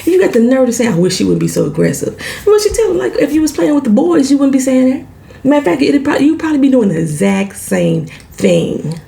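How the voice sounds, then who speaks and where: Animated woman with gravelly fry. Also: high-pitched, fairly quick. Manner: animated and salty, swears freely, acts out lines. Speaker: TV show recap vlogger. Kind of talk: casual show recap.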